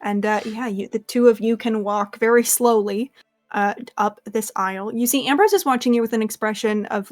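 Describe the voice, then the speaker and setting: A young woman narrating a tabletop role-playing game as game master, casual and loose, filling her speech with "like". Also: fairly high pitch. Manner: casual, filler-heavy, lots of "like".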